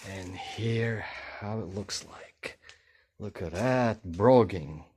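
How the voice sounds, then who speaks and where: Male vlogger, low register, very slow and halting casual unboxing chat. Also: heavy background noise. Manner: unhurried, halting, with many pauses and fillers.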